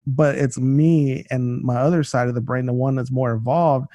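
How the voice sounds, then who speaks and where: Rambling podcast co-host, dry sound. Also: male voice, mid-range voice, fairly even intonation, moderate pace, warm tone, no room sound. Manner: rambling, many fillers and restarts. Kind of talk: casual chat. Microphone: studio mic.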